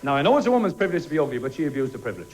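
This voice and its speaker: A man with an Irish accent doing a stand-up comedy routine, deadpan, with quick quoted exchanges. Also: mid-range voice. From Ireland. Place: television studio stage before a live audience. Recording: loud audience laughter and noise. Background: audience laughing.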